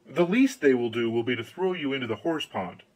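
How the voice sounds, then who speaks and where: A man's voice: mid-range voice, expressive, brisk, darkish tone, close to an everyday voice, poor audio. A man voicing a shrewd, sly countryman who talks in a persuasive, confiding manner.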